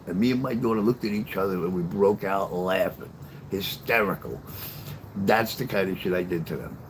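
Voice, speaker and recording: An older man talks casually to his livestream viewers, blunt and salty in his stories. His voice sits fairly low. A faint hiss of background noise runs under the recording. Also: darkish tone, poor audio. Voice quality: blunt, profane storyteller. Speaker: livestream host.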